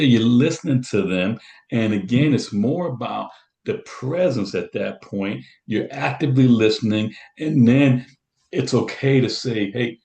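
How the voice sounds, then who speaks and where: A man's voice: mid-range voice, a little mellow. A middle-aged man co-hosting a talk about first responders, speaking earnestly and often repeating words as he explains. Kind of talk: conversational podcast talk. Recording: echoey room.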